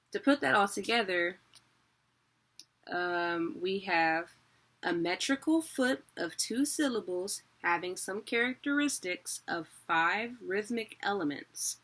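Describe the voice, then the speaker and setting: A woman giving a casual video lesson, chatty and quick to correct herself. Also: lowish voice, fairly bright tone. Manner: chatty, self-correcting, laughs at own mistakes. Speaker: teacher.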